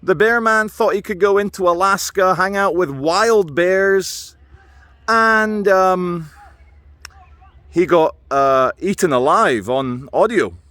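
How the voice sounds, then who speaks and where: A man's voice: high voice, takes it slowly, bright, forceful tone, no room sound. A man rambling through a wry, meandering vlog monologue, musing aloud with asides while out on a walk and filming himself. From Britain. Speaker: video blogger. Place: outdoors on a walk.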